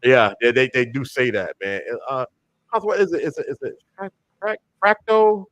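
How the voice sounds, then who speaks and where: A man co-hosting a podcast in casual chat, rambling and animated, with many restarts and slang. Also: mid-range voice, normal speed, no room sound. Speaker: podcast co-host.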